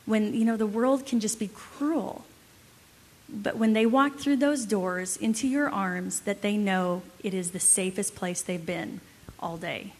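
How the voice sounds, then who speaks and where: A woman's voice: mid-range voice, measured pace. Encouraging woman teaching on marriage. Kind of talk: teaching to a live group.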